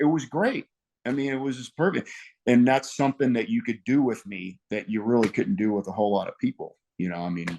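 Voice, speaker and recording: A man with an ordinary mid-range voice chats animatedly as a podcast guest. He tells his story with self-deprecating laughs and a quick, casual rhythm. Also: mid-range voice, darkish tone. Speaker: guest wrestler. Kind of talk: casual interview chat.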